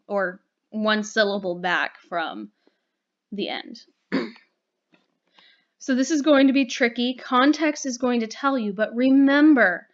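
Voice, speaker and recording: A woman's voice: mid-range voice, muffled recording. A woman teaching a recorded grammar lesson, explaining patiently and checking in with "okay?" and "right?".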